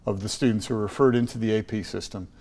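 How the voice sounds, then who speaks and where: A man's voice: fairly low pitch, steady tone, quick pace, a little mellow, big-room sound. A man with an American accent, from Chicago, telling stories emphatically as a podcast guest, often restarting and repeating words. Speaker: guest, school trust leader. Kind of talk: podcast interview.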